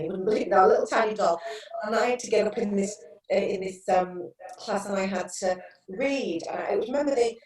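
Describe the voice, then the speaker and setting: A middle-aged English woman, a guest therapist, tells stories earnestly in a casual interview, restarting often. Her voice is mid-range with a darkish tone, and the distant mic picks up an echoey room.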